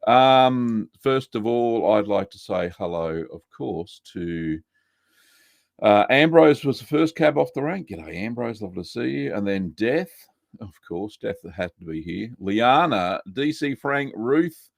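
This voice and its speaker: Gravelly Australian man hosting a stream. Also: lowish voice, animated, a little slow, no echo, studio quality. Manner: chatty, greets viewers by name, many fillers. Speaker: live-stream host. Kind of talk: casual live-stream chat.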